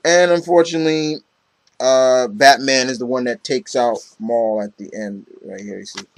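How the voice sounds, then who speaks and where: A man's voice: mid-range voice, steady tone, normal speed, no echo. A man casually recapping a comic book story, rambling with lots of fillers and acting out the characters' lines. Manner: rambling, heavy on fillers, acts out quotes.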